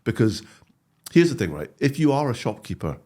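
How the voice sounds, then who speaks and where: Animated man telling stories. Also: medium pitch, brisk. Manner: animated storytelling with frequent restarts. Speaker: guest, comedy actor and writer. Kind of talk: casual interview chat.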